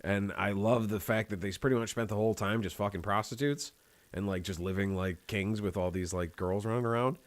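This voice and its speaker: A man's voice: on the low side, steady tone, fairly quick, no echo. An American man hosting a podcast, telling long, rambling, profanity-laced stories in casual chat. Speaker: podcast host.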